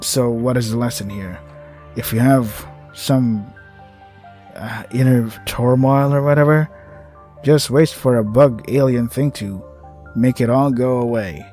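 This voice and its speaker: A man's voice: mid-range voice, mellow. A man reading a visual novel aloud and adding sarcastic commentary, often swearing and laughing. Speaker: gamer playing a visual novel.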